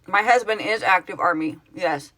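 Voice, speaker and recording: A middle-aged woman from Oklahoma talks into her phone on a home live stream, answering viewer comments as they come. Her voice is bright and clear, and she rambles and corrects herself in an easy, chatty way. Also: on the low side, moderate pace. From Oklahoma, United States. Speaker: livestream host, project founder. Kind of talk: casual live-stream chat reading comments.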